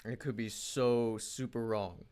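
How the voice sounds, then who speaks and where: A man's voice: mid-range voice, fairly even intonation, measured pace, darkish tone, smooth. A man recording a casual work vlog, thinking aloud as he animates, rambling with frequent restarts and fillers. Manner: thinking aloud while working. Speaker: independent animation creator.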